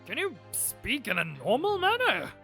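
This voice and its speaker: A woman's voice: high voice, huge pitch swings, moderate pace, creaky, sharp tone, faint music behind, pitched above the performer's own voice, full character voice. A woman voicing a fussy, easily flustered elderly male judge in a courtroom game. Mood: bemused.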